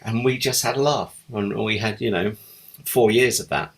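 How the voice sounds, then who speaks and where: A man's voice: lowish voice, moderate pace, breathy edge. A middle-aged man, a television script editor, telling fond, rambling anecdotes in an interview. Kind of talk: reminiscing interview answers.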